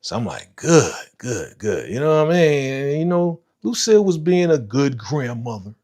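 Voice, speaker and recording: A man hosting a live stream, giving casual, animated reaction commentary full of slang and talking to chat viewers by name. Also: fairly high pitch, moderate pace. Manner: animated, slangy, retells scenes with voiced quotes. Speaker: livestream host reacting to a TV episode.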